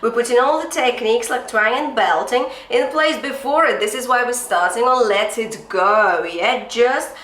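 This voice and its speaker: A woman's voice: on the high side, normal speed, few pauses, a bit bright, roomy sound. A woman teaching a singing lesson, giving encouraging, direct coaching cues between sung demonstrations. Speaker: vocal coach.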